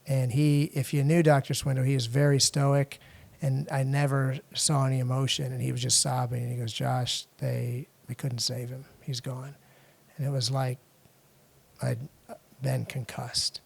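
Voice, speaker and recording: A middle-aged man from the United States, a podcast guest telling a personal story in a halting way, with frequent restarts and fillers. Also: mid-range voice, level tone, creaky, a little mellow. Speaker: podcast guest, international lawyer.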